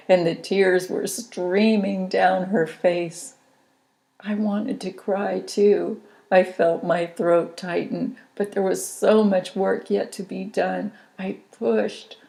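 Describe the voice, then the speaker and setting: Slow, gravelly-voiced woman narrator. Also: on the low side, dark tone. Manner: slow, intimate, reflective reading. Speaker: author reading her own book. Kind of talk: audiobook memoir narration.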